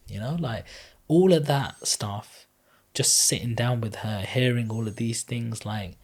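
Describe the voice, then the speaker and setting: Husky man in his thirties, heartfelt. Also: medium pitch, a little slow, darkish tone. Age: 30s. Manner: earnest, heartfelt, rambling retelling. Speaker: podcast guest. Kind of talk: emotional personal storytelling.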